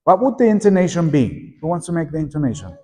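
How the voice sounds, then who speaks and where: A middle-aged man leads a workshop for teachers, lively and prompting the audience to repeat and join in. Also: on the high side, quick pace. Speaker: teacher trainer. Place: conference room at a teachers' meeting. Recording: echoey conference hall.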